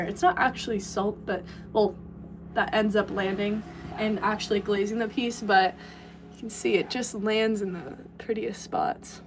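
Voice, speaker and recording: A young woman rambling casually and laughing as she chats with a live-stream audience from a pottery studio. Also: fairly high pitch. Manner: rambling, chatty, quick to laugh. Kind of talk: casual live-stream chat while working. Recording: distant mic with background noise.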